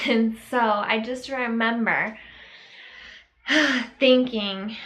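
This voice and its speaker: A young woman telling a personal story to camera in a casual vlog, halting and reflective, with many fillers and pauses. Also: fairly high pitch, fairly bright tone, poor audio. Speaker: vlogger.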